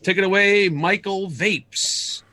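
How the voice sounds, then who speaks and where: Bright-voiced, rambling male co-host. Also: high voice, slow. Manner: rambling, profane, hunts for words. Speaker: show co-host. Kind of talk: casual live-stream chat.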